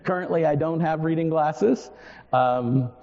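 Guy in his 40s preaching slow and earnest, kinda high voice, dull echoey church hall sound. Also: warm tone. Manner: earnest, repeats phrases for emphasis, self-deprecating asides. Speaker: pastor. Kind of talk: sermon.

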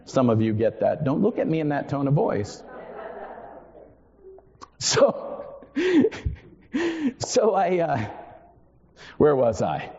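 A man's voice: a little high, huge pitch swings, slow pace, long pauses, a little mellow. A man in his forties preaching a sermon, earnest, repeating key phrases for emphasis with self-deprecating asides. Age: 40s. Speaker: pastor. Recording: dull sound in a long-reverb hall.

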